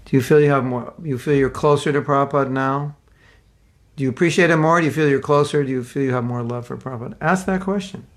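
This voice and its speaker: A man's voice: medium pitch, fast talker. An American man giving an informal spiritual talk, conversational and rambling, with restarts and side remarks. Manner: conversational, repeats and restarts, asides. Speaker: spiritual teacher.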